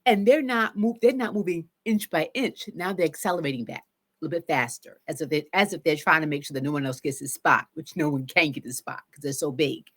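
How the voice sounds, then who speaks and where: A woman therapist telling a personal story in a casual, animated way, acting out her own shouts and self-talk. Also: low voice, fairly quick.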